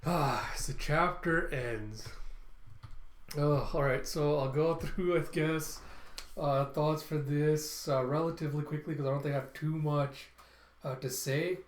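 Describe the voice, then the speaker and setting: Brief: casual male reviewer, slightly high voice, lots of fillers and sighs, echoey room. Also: unhurried, slight background noise. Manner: animated play-by-play, frequent sighs and filler words. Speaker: manga reviewer.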